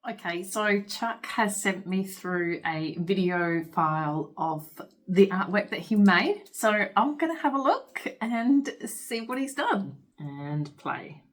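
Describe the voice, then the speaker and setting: Lively, chatty Australian woman vlogger. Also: medium pitch, slow. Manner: chatty and expressive, laughs often. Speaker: art and craft YouTuber. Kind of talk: casual vlog narration.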